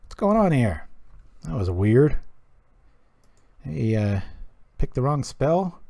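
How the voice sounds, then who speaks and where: A man's voice: medium pitch, sing-song, takes it slowly, vocal fry, mellow, dry recording. Chatty man commenting on his card game. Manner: chatty, joking, thinks aloud. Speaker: streamer playing a card game. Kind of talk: casual gameplay commentary.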